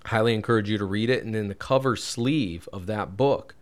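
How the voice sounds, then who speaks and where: A man's voice: lowish voice, a little fast. A man teaching through a Bible chapter in a casual podcast, chatty and prone to digressions, laughing at his own wordplay. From United States. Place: home room, creaky computer chair.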